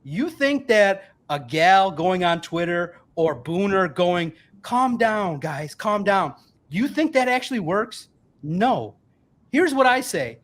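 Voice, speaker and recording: Slow and loose after a couple of beers, this man in his forties swings his high-set voice up and down as he rants emphatically on a casual sports podcast. He rambles and swears a lot.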